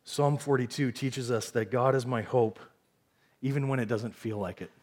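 An earnest man delivering a sermon from the pulpit, with a mid-range voice. He repeats key lines slowly for emphasis, speaking to a church congregation. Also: mid-range voice, darkish tone. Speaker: pastor. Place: church sanctuary.

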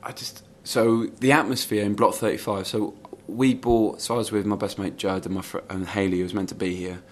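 Man, low-pitched, casual chat, rambling, fan podcast co-host. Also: fairly even intonation, fairly quick. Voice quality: says he has quite a high-pitched voice. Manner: rambling, restarts, quotes chants and press quotes.

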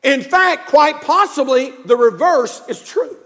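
A pastor from North Carolina with a Southern accent, preaching a fervent sermon with repeated phrases, swinging from quiet asides to shouts. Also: male voice, very high voice, lively intonation, a little slow, in a large hall. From North Carolina, USA.

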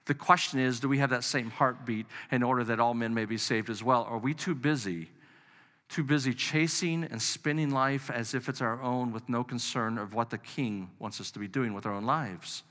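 A man's voice: mid-range voice, moderate pace, fairly bright tone. A middle-aged man preaching a sermon as pastor, earnest and conversational, often restarting his phrases. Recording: long reverb of a large hall.

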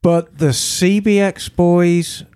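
Man, older, co-host, animated storytelling, slightly high pitch. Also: slow, clean tone. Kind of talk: casual chat.

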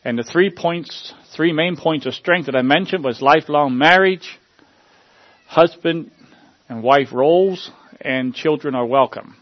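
A man preaching as a pastor, praying and then giving a sermon in an earnest, halting way with repeated words and fillers. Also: fairly high pitch, no room sound, lo-fi sound. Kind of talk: sermon with opening prayer.

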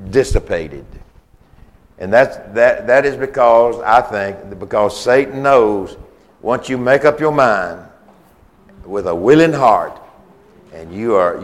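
A man preaching a sermon with a Southern US accent, earnest and repetitive, restarting phrases for emphasis. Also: lowish voice.

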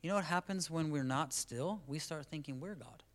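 A male pastor delivering a church sermon in a fairly high voice. He talks casually and conversationally, then rises to loud, emphatic points before dropping back to quiet asides. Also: normal speed. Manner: animated, conversational preaching that swings from quiet to loud. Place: church service.

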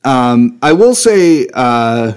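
A man's voice: medium pitch, sing-song, drawn-out words, a little mellow, clear, resonant tone. A man co-hosting a podcast in casual chat, enthusiastic and swearing freely. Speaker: podcast co-host.

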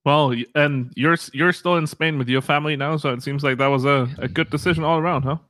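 A man's voice: a little high, steady tone, quick pace, fairly bright tone, no echo. A man co-hosting a podcast in casual chat, laughing easily and bantering playfully. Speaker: podcast co-host. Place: Munich home.

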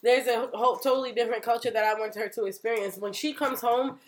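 A woman's voice: fairly high pitch, steady tone, fast talker, background noise. A woman from New Jersey talking candidly and emphatically in a casual podcast chat, speaking in long runs as a mother.

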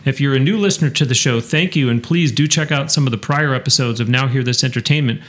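A man's voice: mid-range voice, fast, a bit bright. A man from Western New York hosting a podcast interview, chatty and rambling, with frequent restarts. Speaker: podcast host. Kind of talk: casual interview and show announcements.

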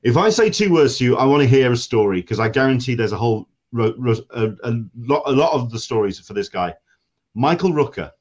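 A male host leads a casual interview, friendly and chatty. He often hesitates with fillers as he sets up his questions. His pitch is ordinary for a man. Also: very animated, fairly quick.

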